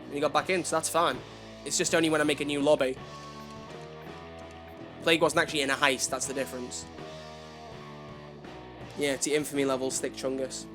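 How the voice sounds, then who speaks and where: A man streaming a video game, chatting casually with his viewers and poking fun at himself. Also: fairly high pitch. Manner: chatty, self-deprecating, talks to chat. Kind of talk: casual livestream chat. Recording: faint music behind.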